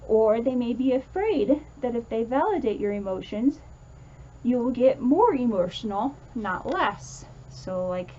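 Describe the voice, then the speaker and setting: A woman's voice: a little high, animated, measured pace, warm tone, lo-fi sound. A woman teaching a casual lesson, chatty and full of fillers, acting out comforting quotes as she explains.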